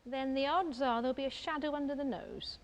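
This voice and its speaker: High-voiced woman painting live. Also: steady tone, fairly quick. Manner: chatty, enthusiastic, thinks aloud while painting. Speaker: artist giving a painting demonstration. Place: exhibition space, indoors.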